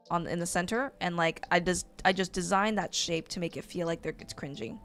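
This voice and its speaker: A woman's voice: lowish voice, fairly quick, fairly bright tone, soft background music. A woman teaching a live-stream drawing lesson, chatty and rambling with lots of fillers. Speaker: art teacher.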